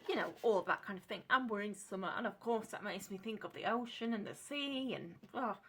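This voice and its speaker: A woman's voice: mid-range voice, animated, a little fast, a little hiss or hum. An English woman chatting casually and unscripted in a craft vlog, rambling, correcting herself and apologising as she goes. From England. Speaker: craft vlogger.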